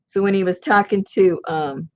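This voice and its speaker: A woman's voice: mid-range voice, normal speed, darkish tone, lo-fi sound, slight background noise. A woman hosting a crafting video, chatting casually as she works and laughing often. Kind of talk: casual chat while collaging.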